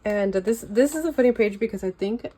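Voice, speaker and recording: A woman's voice: mid-range voice, animated, fairly quick, dark tone, slight background noise. A young woman with a Californian accent, chatting casually and loosely while showing her sketchbook at home. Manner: chatty, loose and rambling with fillers. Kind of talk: casual chat.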